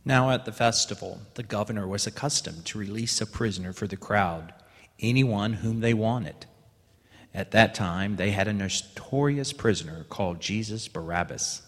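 A man with a fairly low voice reads scripture aloud at a church service. He gives quoted lines extra lift and emphasis. His voice rings out with the long reverb of a church. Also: normal speed, a bit bright. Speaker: scripture reader. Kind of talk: liturgical scripture reading.

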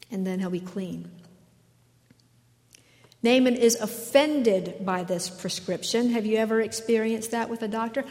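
A woman's voice: on the high side, measured pace, long pauses, a little mellow. A woman pastor giving a sermon in a conversational way, asking questions of her listeners, in a church. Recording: echoey hall reverb.

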